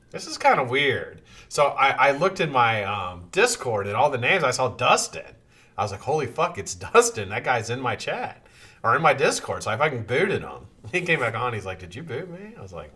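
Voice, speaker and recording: A male live-stream host with a lively, swinging delivery and a bright, forceful tone. He greets his chat viewers one by one in a casual, swearing banter. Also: medium pitch, slightly rough.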